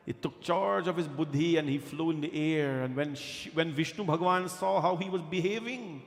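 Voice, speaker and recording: This man preaches at a normal speed with hardly any pauses, his voice fairly high and creaky. Leading a katha in a temple hall, he repeats phrases for emphasis while music and the hall's lengthy reverb fill the recording.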